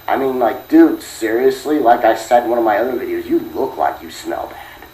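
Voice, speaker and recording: A man's voice: mid-range voice, animated, normal speed, warm tone. A man taunting someone in a played-back video clip, casual and mocking. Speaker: online critic in a played clip. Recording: roomy sound far from the mic, played back.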